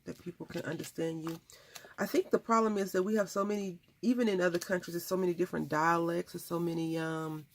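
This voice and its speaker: This craft channel host from the United States has a fairly low, gravelly voice, with a little hiss or hum in the recording. She talks casually as she crafts, wandering off into stories along the way.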